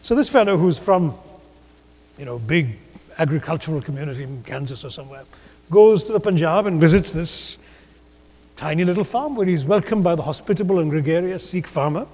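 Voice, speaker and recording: A man from India giving a measured, rhetorical conference speech with gentle humor in a large auditorium. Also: a little high, expressive. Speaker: keynote speaker. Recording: long hall reverb.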